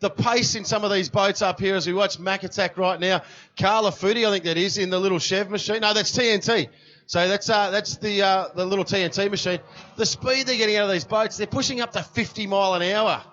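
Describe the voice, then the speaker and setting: A man's voice: high voice, steady tone, brisk, a bit bright, muffled recording. An Australian man giving enthusiastic, slangy live powerboat race commentary, often saying "mate". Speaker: guest commentator.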